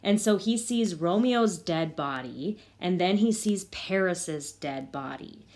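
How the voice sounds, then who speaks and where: Lady walking through a story in plain chatty words, lowish voice. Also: animated, slow pace, darkish tone. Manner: chatty, paraphrases the lines in everyday words. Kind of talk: casual retelling of a play.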